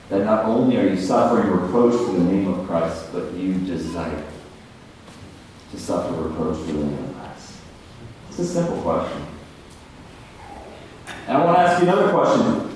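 A man preaching a sermon in a church hall, emphatic, dropping to a hush and then rising loud again. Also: low voice, animated, moderate pace, pauses often, a little hiss or hum. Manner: emphatic, swings between hushed and loud. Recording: echoey hall, mic far off.

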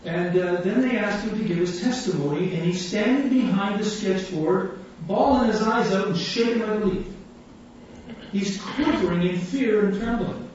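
A man's voice: sits high, normal speed, a little mellow. A man preaching a sermon, telling a story with animation and acting out the voices of the people in it. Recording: echoey hall, distant mic, dull sound, faint room hum.

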